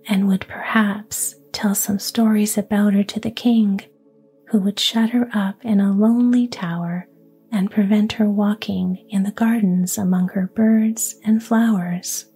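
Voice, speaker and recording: A woman storyteller whispers a fairy tale softly and evenly over gentle background music. She reads very slowly, her mid-range voice airy and breathy, with a dark, mellow tone.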